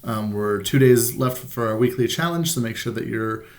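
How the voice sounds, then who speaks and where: A man reads a children's novel to his students the way a teacher might from home, plainly and without hurry, giving the characters just a hint of voicing. His pitch is ordinary and middling, and a printer sits nearby in the room.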